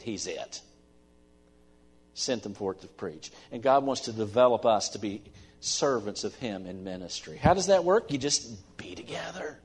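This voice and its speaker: A middle-aged man preaching a sermon as pastor, earnest, swinging between emphatic stresses and soft asides. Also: mid-range voice, animated, a little slow, husky. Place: church sanctuary. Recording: long church-hall reverb.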